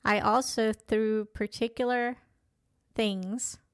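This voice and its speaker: A woman in her fifties talking candidly in a reflective personal monologue, pausing and restarting as she thinks. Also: a little high, steady tone, clean tone, no echo, clean studio sound. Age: 50s. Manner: thoughtful, candid, with frequent pauses and restarts. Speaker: vlogger.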